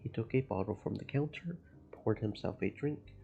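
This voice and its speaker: A man streaming a game, reading its narration and chatting about it in an even, gravelly voice. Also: lowish voice, normal speed, a little hiss or hum. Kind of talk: narrating a visual novel with commentary. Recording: muffled lo-fi stream audio.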